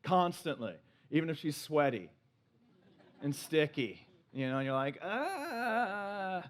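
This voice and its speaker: A man preaching a sermon in an animated, playful way, acting out little voices as he goes. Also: medium pitch, moderate pace. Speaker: pastor.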